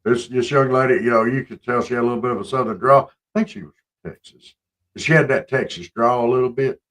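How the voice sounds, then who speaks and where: A man's voice: medium pitch, quick pace, fairly bright tone. A man co-hosting a morning talk show, talking in an emphatic, opinionated way. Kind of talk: casual morning show banter.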